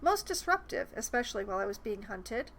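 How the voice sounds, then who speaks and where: A woman reading aloud the game dialogue of a weary, hunted half-sibling, in a measured, rueful way. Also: a little high, big pitch swings, creaky, fairly bright tone, heavily acted, low-quality recording.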